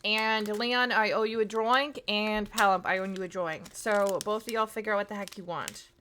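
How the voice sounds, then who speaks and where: A woman's voice: mid-range voice, steady tone, normal speed, pushed and bright, a little hiss or hum. A woman in her thirties chatting casually to her live-stream audience, rambling with plenty of fillers. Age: 30s.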